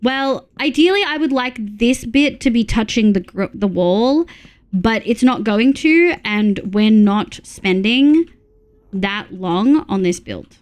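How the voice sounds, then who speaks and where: A bubbly young woman chats away on a live game stream. Her voice sits a little high, and she laughs often as she answers her chat. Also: animated, slow pace. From Australia. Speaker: VTuber streamer. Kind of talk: casual live-stream chat while gaming.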